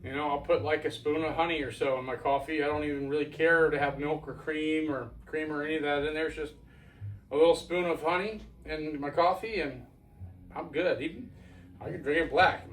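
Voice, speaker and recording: A man's voice: a little high, fairly even intonation, brisk, a bit bright, distant mic, rough recording. A man from Florida, casually reviewing a beer outdoors at night in a rambling, folksy way.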